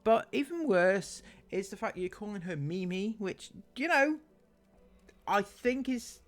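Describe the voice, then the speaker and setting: A man's voice: sits high, animated, a little slow, faint music behind. A man doing sarcastic commentary on online comments, laughing often. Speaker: commentary YouTuber.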